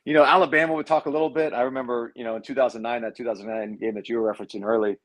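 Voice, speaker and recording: A man's voice: steady tone, racing, fairly bright tone. A former quarterback in his thirties, telling loose, profane stories in a casual interview and mimicking people in a raised voice. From Cuban heritage. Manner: laid-back, swears freely, acts out quotes in a higher voice. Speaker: former college quarterback, guest.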